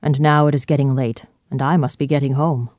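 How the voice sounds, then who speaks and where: A reader voicing a calm, worried male lawyer in a storybook reading, speaking slowly and gravely. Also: medium pitch, dry recording, clean studio sound, close to an everyday voice. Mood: resigned.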